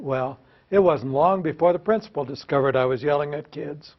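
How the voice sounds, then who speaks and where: Speaking in a mid-range voice on dull-sounding audio, a retired teacher from the United States entertains an audience. The older man pokes fun at himself in funny stories and poses questions to the crowd.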